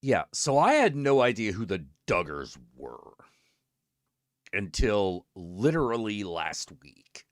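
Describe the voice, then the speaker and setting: A lower-pitched man hosting his stream, telling a story in a loose, profane way. His pitch swings widely as he acts out both sides of conversations and jumps to high exclaims. The sound is close and dry, with no room around it. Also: sing-song, slow pace, no room sound. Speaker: streamer host. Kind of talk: casual storytelling chat.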